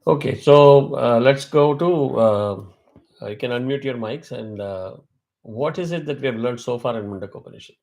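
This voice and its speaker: A man teaching a chanting class over a video call, reciting verses slowly and correcting pronunciation syllable by syllable. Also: medium pitch, a little mellow. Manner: slow, careful syllable-by-syllable recitation.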